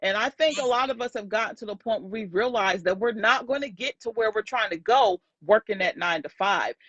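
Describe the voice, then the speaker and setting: A woman's voice: mid-range voice, a little fast, fairly bright tone, dry recording. Woman host, sales coach, motivational faith talk, emphatic, preachy, dry, dull lo-fi audio. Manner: emphatic, preachy, repeats lines for effect.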